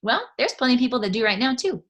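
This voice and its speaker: A woman guest talking excitedly in a casual interview, laughing often. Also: on the high side, rapid-fire, dull audio.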